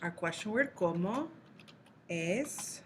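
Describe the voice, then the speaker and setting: A woman teaching a recorded language lesson, explaining patiently step by step and slowing down to model example phrases. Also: fairly low pitch, lively intonation, slight background noise. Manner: slows down to model Spanish phrases. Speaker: Spanish teacher.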